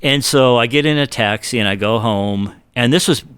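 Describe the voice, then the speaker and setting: Speaking at medium pitch and a moderate pace, this middle-aged man sounds smooth, with no echo on the recording. As a guitar-building guest in a casual conversation, he spins a meandering, self-mocking tale full of lively anecdotes, voicing other people's lines himself.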